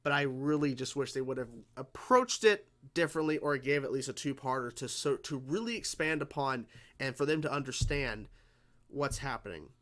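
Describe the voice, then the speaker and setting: A man's voice: mid-range voice, moderate pace, fairly bright tone. A man giving casual reaction commentary on a cartoon episode, rambling and profane, laughing often and restarting sentences. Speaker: reaction video host.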